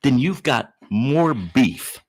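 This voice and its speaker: A man hosting a live Q&A stream, giving loud, hyped shout-outs to viewers in the chat and teasing them boastfully. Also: mid-range voice, sing-song, takes it slowly, breathy edge. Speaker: livestream host.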